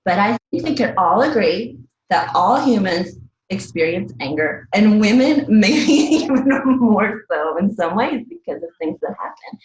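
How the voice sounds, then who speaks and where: A woman's voice: medium pitch, expressive, a little slow, reverberant, lo-fi sound. A woman from the American South, an herbalist teacher, speaking in an earnest, reflective way and often laughing and acting out little bits of dialogue. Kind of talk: reflective casual talk.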